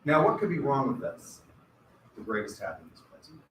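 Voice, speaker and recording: A man's voice: mid-range voice, huge pitch swings, fairly quick, a bit bright. A male college lecturer giving a conversational classroom lecture with wry, rambling asides. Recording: echoey classroom from far off, faint hiss.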